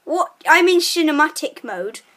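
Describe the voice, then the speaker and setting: An excitable woman narrating a video game session with her friend. Her voice sits high and lively, casual chatter that flips into loud, laughing shrieks whenever things fall apart. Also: normal speed. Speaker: gaming channel host. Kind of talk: let's play commentary.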